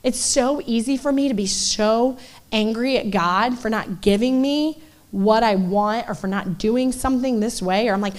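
A woman in her forties giving a conversational sermon to a church group, animated and acting out voices in asides. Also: fairly high pitch, moderate pace. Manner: animated, acts out quoted voices, loose asides. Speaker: church speaker.

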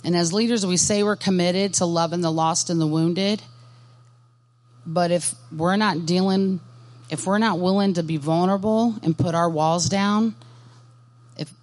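A woman's voice: lowish voice, steady tone, a little slow, darkish tone. Earnest woman giving a ministry talk. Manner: earnest, direct, asks the audience questions. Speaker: workshop speaker. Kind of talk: Christian ministry workshop talk. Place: conference workshop session.

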